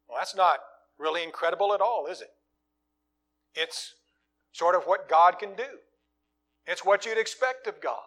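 A man preaching a sermon, swinging from loud, emphatic lines to quiet, low asides. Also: normal speed, pauses often.

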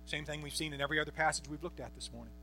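A man's voice: fairly high pitch, fairly even intonation, racing, pushed and bright, slight background noise. A man preaching a Bible-teaching sermon, emphatic, repeating phrases and asking rhetorical questions. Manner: asks the congregation rhetorical questions.

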